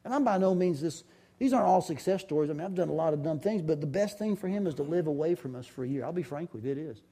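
A middle-aged man tells family stories in a folksy, candid way, often circling back and restarting his sentences. His voice sits a little high yet sounds warm and mellow, not sharp. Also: expressive, quick pace. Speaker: father giving a talk. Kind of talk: storytelling talk.

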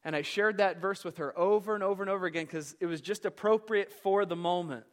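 A man preaching a sermon as pastor, telling a story with passion, swinging from hushed to loud. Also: high-pitched, fast talker. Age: young adult.

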